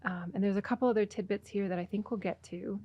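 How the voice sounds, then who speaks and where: A podcast host with a mid-range, slightly rough voice talks quickly in a casual interview. She chats warmly with her guest and uses plenty of fillers.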